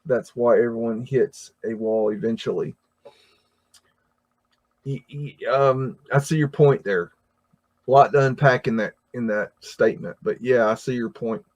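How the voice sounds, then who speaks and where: An American man hosts a casual livestream, reading chat comments aloud in an unhurried, mid-range voice. He rambles, with lots of fillers and restarts.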